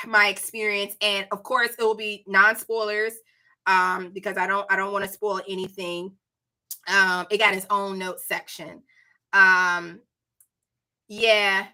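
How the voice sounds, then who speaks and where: A woman with a Southern accent reviewing books in a casual, animated chat, addressing viewers as y'all. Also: mid-range voice. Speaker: book reviewer.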